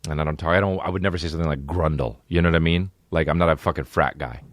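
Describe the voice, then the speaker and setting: A man's voice: extremely low pitch, racing, no echo. A man hosting his own podcast, rambling and cursing casually through a monologue, slipping into mocking voices. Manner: profane, rambling, jumps into mocking put-on voices. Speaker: podcast host.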